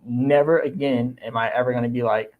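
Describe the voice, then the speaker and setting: A man's voice: mid-range voice, fairly even intonation, brisk, narrow, tinny audio. A young man chatting casually on his livestream about crypto. He talks animatedly, repeats himself and acts out the people he quotes. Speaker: crypto YouTuber.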